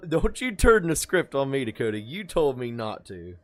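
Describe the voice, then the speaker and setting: A man's voice: medium pitch, sing-song, moderate pace, no room sound, faint music behind. A man streaming a game, chatting casually and joking at his own expense. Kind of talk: casual live-stream chat while playing.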